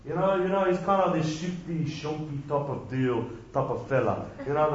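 A man's voice: on the high side, a little mellow, heavy reverb, dull audio, slight background noise. A man giving a conversational sermon full of rhetorical questions. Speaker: preacher.

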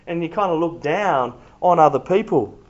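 A man's voice: fairly high pitch, expressive, moderate pace. A man preaching a sermon in an emphatic, conversational way. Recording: echoey, dull room recording.

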